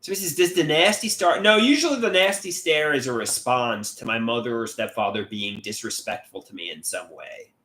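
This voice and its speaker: A man's voice: mid-range voice, sing-song, moderate pace, hardly any pauses, sharp tone. A man hosting a casual livestream, reading chat comments aloud and rambling with many repeated, restarted words. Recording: echoey room.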